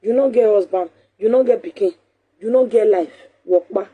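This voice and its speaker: A woman with a Nigerian accent hosting a talk show, talking casually in an animated, scolding way and repeating her points for emphasis. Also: mid-range voice, moderate pace, breathy edge, narrow, tinny audio.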